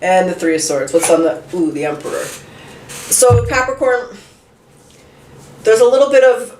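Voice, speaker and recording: A woman's voice: medium pitch, a little mellow. A woman giving a casual tarot reading, chatty and candid, thinking aloud as she draws each card. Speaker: tarot reader. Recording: roomy, distant from the mic, faint noise.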